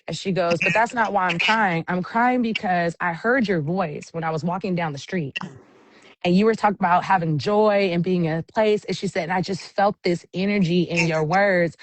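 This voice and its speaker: As a guest in an interview, a woman who MCs events spins casual, lively anecdotes and performs the voices of people she quotes. Her voice is on the low side, with no room sound at all.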